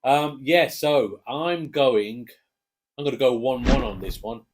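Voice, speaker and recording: A man with an English accent casually chatting through football match predictions, relaxed and hesitant with fillers. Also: mid-range voice, unhurried. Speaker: co-host giving match predictions. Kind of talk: casual chat.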